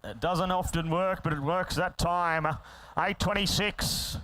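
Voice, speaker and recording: A man working as an auctioneer, rattling off bids in a fast chant with quick asides to the bidders in a sale ring. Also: sits high, pushed and bright, no room sound, low-quality recording.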